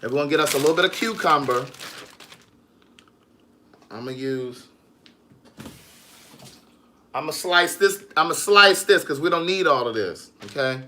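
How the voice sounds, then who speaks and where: A man's voice: fairly high pitch, lively intonation, unhurried, pauses often, bright, forceful tone, slight background noise. A man in his home kitchen chatting casually through a how-to, sassy and teasing, calling the viewer niece and girl. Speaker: vlogger and writer.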